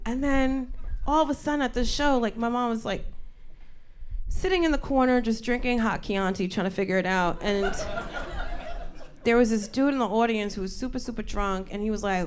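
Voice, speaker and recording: A woman's voice: medium pitch, brisk, slight background noise. A woman comedian hosting a live show, telling a profane story with lots of laughing and acted-out voices. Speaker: comedian host. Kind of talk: stand-up storytelling monologue. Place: live audience show room.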